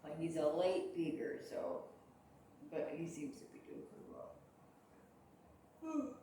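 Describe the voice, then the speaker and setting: A woman's voice: low voice, very animated, warm tone. Sleepy woman chatting over a game. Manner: sleepy, yawning, halting. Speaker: gamer playing a horse racing game. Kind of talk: casual gameplay commentary. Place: home. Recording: roomy, distant mic with clear noise.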